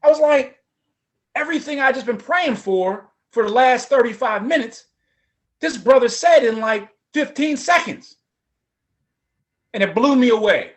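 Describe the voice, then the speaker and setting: A middle-aged man, a former prosecutor, telling his personal story at a forum in a lively, conversational way. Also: extremely high pitch, unhurried, pauses often. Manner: animated, conversational, acts out voices.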